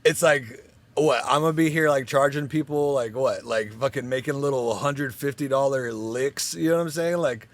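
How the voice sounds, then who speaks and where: A man guesting on a podcast, telling animated, heavily profane stories in casual chat. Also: mid-range voice, normal speed.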